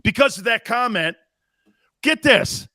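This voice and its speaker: Male sports talk host, high voice, emphatic, rhetorical questions, dry close mic. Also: expressive, unhurried, bright, forceful tone, no room sound.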